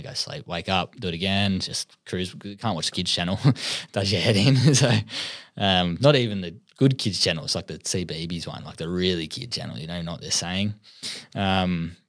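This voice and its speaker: A very deep-voiced young Australian man speaks with an Australian accent, relaxed and easygoing, dropping swear words and laughing between lines. The sound is dry and close, with no room around it. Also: dry recording. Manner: laid-back, swears freely, laughs often. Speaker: podcast guest. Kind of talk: casual storytelling interview.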